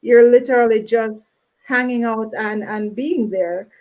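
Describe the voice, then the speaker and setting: A woman with a fairly high voice hosts a panel over a video call, talking slowly and gently as she hands the floor to each guest. Her words come out in an unhurried, drawn-out way. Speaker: host. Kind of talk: hosting a panel talk.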